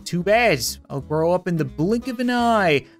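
Woman doing a creepy, low little food creature. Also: animated, a little slow, soft background music. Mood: ominous.

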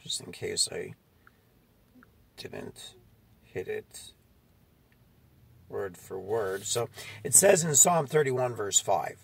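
A man's voice: lowish voice, expressive, slow, gravelly, pauses often, breathy edge. A man preaching a fiery sermon, confronting his listeners and often asking "okay?" between his points. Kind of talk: street-style sermon.

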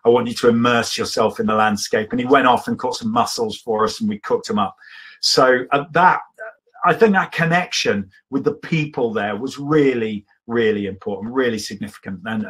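A man's voice: mid-range voice, normal speed, a bit bright, husky. A man giving an enthusiastic, rambling live talk about his travels to an audience, with plenty of ums and asides. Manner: enthusiastic, rambling storyteller with many fillers.

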